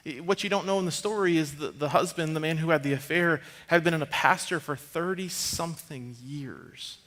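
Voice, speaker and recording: Bright-voiced man telling a sermon story. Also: a little high, a little fast, hardly any pauses. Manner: conversational, animated storytelling, drops to a hushed tone for serious moments. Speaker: pastor. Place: church stage.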